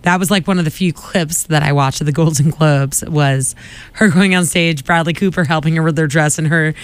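A man's voice: fairly high pitch, steady tone, a little fast, smooth. A man co-hosting a casual podcast chat, reacting with slangy, enthusiastic asides. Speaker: podcast co-host.

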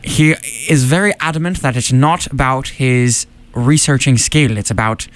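A man's voice: mid-range voice, normal speed. A man hosting a radio show, joking along with his co-host in an easygoing, announcer-like way into a studio microphone. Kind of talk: comic radio chat.

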